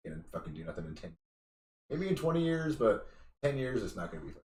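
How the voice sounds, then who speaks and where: A man's voice: mid-range voice, big pitch swings, quick pace, darkish tone, far from the mic. A young man in his late twenties chatting as a guest, rambling with many fillers. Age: young adult. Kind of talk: casual chat. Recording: echoey room, off-mic, faint noise.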